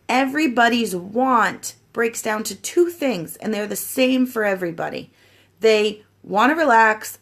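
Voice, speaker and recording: A woman in her thirties giving a casual coaching talk to her team, acting out customer chats in a lively, chatty way. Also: medium pitch. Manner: chatty, animated, acts out sales chats. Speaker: sponsor training her team. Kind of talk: casual coaching talk with role-play examples.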